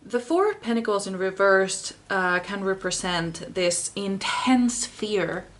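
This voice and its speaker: A woman's voice: medium pitch, lively intonation, slow pace. Finnish-accented woman, tarot reader, chatty and giggly, takes her time. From Finland. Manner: rambling and giggly, often laughing. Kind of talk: casual chat.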